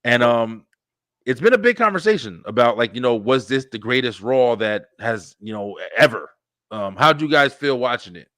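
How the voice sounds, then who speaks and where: A man hosting a casual wrestling podcast, talking in an excitable, profane, hyped-up way. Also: medium pitch, moderate pace, no room sound. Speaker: podcast host.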